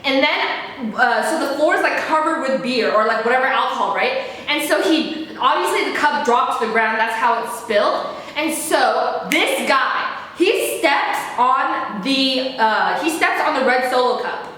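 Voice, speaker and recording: High bright young woman ranting fast. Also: animated, slight background noise. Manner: fast, frantic, repetitive, swearing. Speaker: vlogger. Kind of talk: casual storytime rant. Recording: very echoey room.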